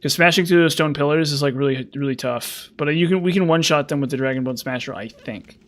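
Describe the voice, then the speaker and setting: A man's voice: a little high, fast talker, a bit bright. A young man giving casual gameplay commentary, rambling and correcting himself as he thinks aloud. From United States. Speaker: gaming commentator.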